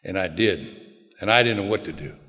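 An older man telling a plainspoken personal recovery story to a group, in a folksy way with quiet low asides. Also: a little fast. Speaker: recovery speaker. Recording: long hall reverb.

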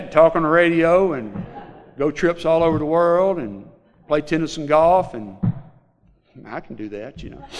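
A middle-aged man with a Southern US accent, telling a personal recovery story to a group in a halting, rambling way, full of fillers. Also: fairly high pitch. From Mississippi Delta, USA. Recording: long hall reverb.

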